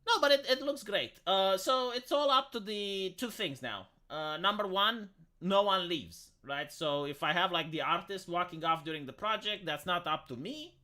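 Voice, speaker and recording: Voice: medium pitch, lively intonation, moderate pace, pushed and bright. A live streamer ranting bluntly in casual chat, swearing often, cutting themselves off and repeating words. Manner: blunt, profane, rambling rant; self-interrupting, repeats words.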